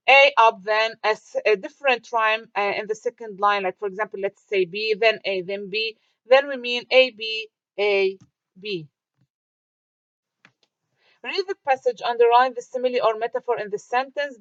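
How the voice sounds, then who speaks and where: A woman teacher gives a recorded lecture, explaining things step by step, posing questions and answering them herself, with fillers and restarts along the way. Her voice is fairly high and fairly bright, captured in a dry, muffled, lo-fi recording.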